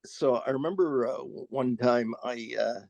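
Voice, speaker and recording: A middle-aged man speaks in a mid-range voice, recorded close and dry. He talks haltingly, restarting his sentences as he gathers his thoughts. His humor is dry and understated. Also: mid-range voice, vocal fry, a little mellow, no room sound, highs cut off. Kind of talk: casual chat.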